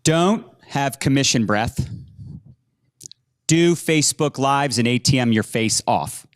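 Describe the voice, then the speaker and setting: A man's voice: mid-range voice, lively intonation, takes it slowly. A man on a business panel giving loose, jokey, upbeat motivational advice. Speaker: panel speaker. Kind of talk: motivational speech.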